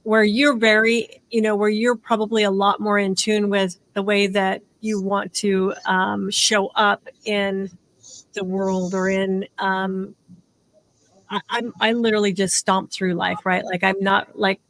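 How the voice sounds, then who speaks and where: A woman in her sixties hosting a podcast, talking fast and rambling with lots of "like" fillers. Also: mid-range voice, flat delivery, fairly bright tone. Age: 60s. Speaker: podcast host. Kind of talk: casual podcast chat.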